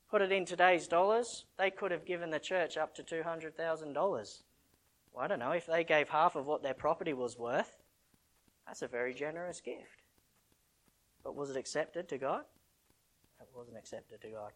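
A man preaching a conversational sermon as a missionary, asking the congregation rhetorical questions and swinging between loud and soft. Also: fairly high pitch, moderate pace.

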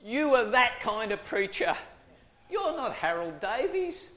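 A man voicing the Lord as a calm, direct male voice while telling a story in a sermon. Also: extremely high pitch, a little slow, voice pushed up, heavily acted. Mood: reassuring.

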